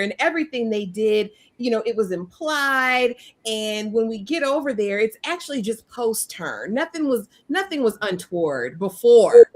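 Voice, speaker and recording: A woman's voice: fairly high pitch, animated, normal speed. A woman co-hosting a casual episode recap with wry, conversational commentary. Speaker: podcast co-host.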